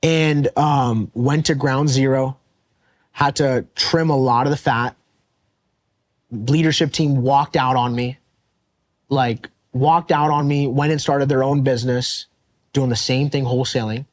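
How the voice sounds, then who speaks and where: A young man, a podcast guest, telling his business story in a casual, animated and blunt way, swearing often. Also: medium pitch, unhurried. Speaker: podcast guest, real estate wholesaler.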